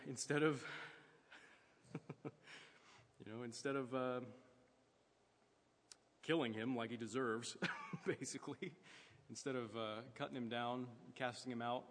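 A man's voice: mid-range voice, fairly even intonation, slow pace, pauses often, in a large hall. A man preaching a sermon in a conversational way, asking his listeners questions.

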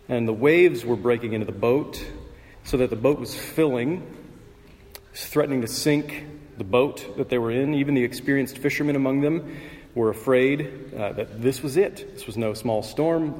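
A male pastor giving a sermon in a measured, conversational way, pausing with fillers and clearing his throat. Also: medium pitch, a little mellow. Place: church sanctuary. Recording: long reverb of a church hall.

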